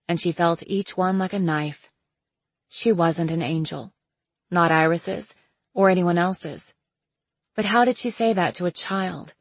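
A woman narrates a novel in a measured, steady storytelling voice. Her voice sits somewhat low, and the recording is dry and close with no room sound. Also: no room sound, poor audio. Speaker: audiobook narrator. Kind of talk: scripted narration.

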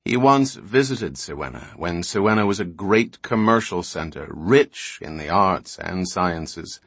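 A man's voice: sits low, expressive, measured pace, husky, no echo, exaggerated voice. A man voicing a grave, patient old male scholar in an audiobook.

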